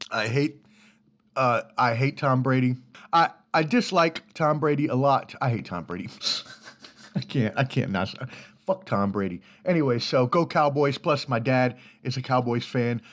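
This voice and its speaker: A man's voice: medium pitch, fairly bright tone. Chatty man rambling on his podcast. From Washington, D.C. area. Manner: loose, chatty, profane, laughs easily. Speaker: podcast host. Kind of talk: casual solo podcast rambling. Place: home studio in an apartment corner. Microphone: studio mic through a preamp.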